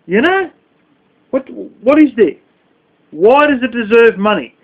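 A man's voice: very high-pitched, very animated, measured pace. A man vlogging in a scornful, heavily profane rant. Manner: scornful, heavy swearing. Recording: dull lo-fi recording.

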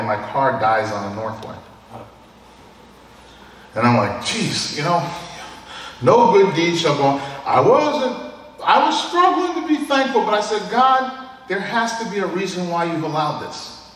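In a church hall, a man in his sixties delivers a sermon, sharing personal stories conversationally and chuckling often. His voice is mid-range with a fairly bright tone. A distant mic leaves the recording echoey.

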